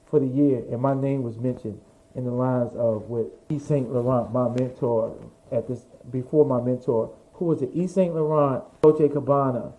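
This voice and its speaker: A man interviewed as a fashion designer tells his story in a lively, profane way, acting out the voices of the people he quotes. His pitch is medium, his speed normal, and the recording is rough.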